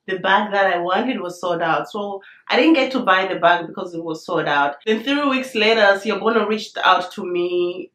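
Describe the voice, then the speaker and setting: Woman, excited vlog host, slightly hoarse from a cold, mid-range voice, echoey room. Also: mid-range voice, moderate pace, few pauses. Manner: bubbly, excited, says "you guys" often. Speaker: vlogger reviewing a handbag. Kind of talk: casual chatty unboxing vlog.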